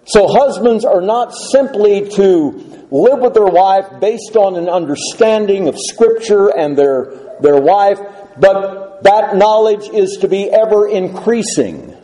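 Earnest preaching man, high and mellow. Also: expressive, poor audio. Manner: earnest, measured preaching with rhetorical questions. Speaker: pastor. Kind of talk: sermon.

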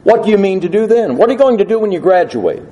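A man's voice: sits high, sing-song, quick pace, warm tone, dull audio, voice pushed up. A man voicing a venerable old man who keeps asking a young student what comes next. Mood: questioning. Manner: probing, repeating questions.

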